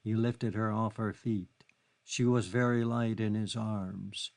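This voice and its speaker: Gravelly male audiobook narrator. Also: fairly low pitch, fairly even intonation, takes it slowly, darkish tone. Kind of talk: scripted literary narration.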